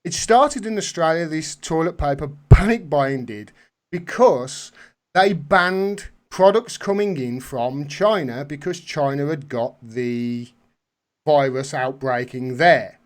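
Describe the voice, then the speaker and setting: A man hosting a live video call, talking animated and swearing freely as he rants. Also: on the high side, a little slow. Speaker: host. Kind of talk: casual chat.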